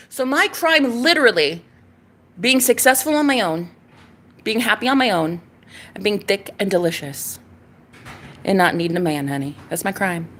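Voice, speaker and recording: A woman in her thirties delivers a casual ranting monologue straight to the viewer. She talks in a sassy, emphatic way and swears freely, throwing in pet names as she goes. Her voice sits at an ordinary middle pitch for a woman. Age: 30s.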